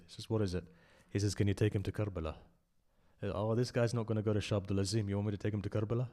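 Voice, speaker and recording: A low-pitched man delivering a sermon, his voice surging loud on key points and then falling to near-whispers. He tells a story in conversational English, full of emphatic repetition. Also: fairly even intonation, racing. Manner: impassioned, rising to loud emphasis and dropping to hushed asides. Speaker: speaker at a memorial majlis.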